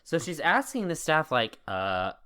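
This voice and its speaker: Young woman cohost with a really deep voice, jokey, laughs a lot. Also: sing-song, unhurried, fairly bright tone. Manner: joking, laughs often, profane. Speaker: podcast co-host. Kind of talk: casual chat.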